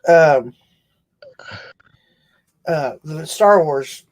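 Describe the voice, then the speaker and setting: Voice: mid-range voice, lively intonation, extremely slow, darkish tone. Chatty, giggly co-host. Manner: chatty and giggly, laughs through anecdotes. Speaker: co-host of a daily live show. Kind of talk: casual chat.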